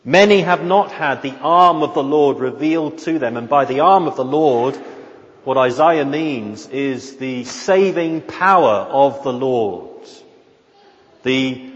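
A man preaching an expository sermon, slow and earnest, often repeating words as he searches for the next phrase. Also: mid-range voice, animated. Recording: dull audio with long hall reverb.

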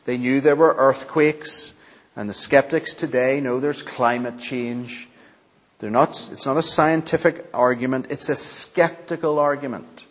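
Man preaching, slow and deliberate, emphatic, repeats key phrases, long church reverb, dull recording. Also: mid-range voice, steady tone. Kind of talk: expository sermon.

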